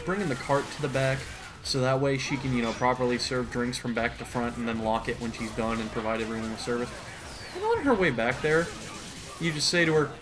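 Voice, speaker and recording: A man from the United States giving a sarcastic, profane, rambling comedic reading. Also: mid-range voice. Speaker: comedy commentator.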